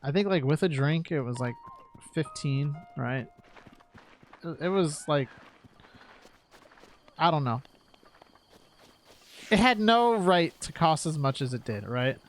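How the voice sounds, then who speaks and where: A man's voice: a little high, lively intonation, slow pace, long pauses, a little hiss or hum. A man from New York chatting casually while streaming, rambling with lots of "like" and "right?" and frequent laughs.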